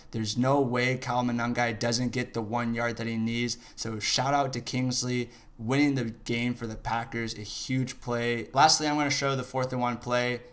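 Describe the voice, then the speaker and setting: A man analyzing game film in a casual, profane way who flares into loud angry rants. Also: mid-range voice. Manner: profane, shifts into shouting rants. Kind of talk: casual film breakdown commentary.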